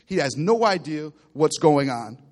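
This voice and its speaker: A pastor preaches a sermon, retelling the story with lively animation and a measured pace. His voice is slightly high for a man, and he acts out characters, shifting between hushed asides and loud bursts.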